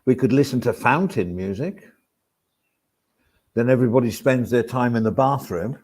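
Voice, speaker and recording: A man's voice: mid-range voice, expressive, moderate pace, a little mellow. A man hosting a casual vlog, rambling along with wry asides. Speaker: vlog host. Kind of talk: casual chat to camera. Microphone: swaps between mics.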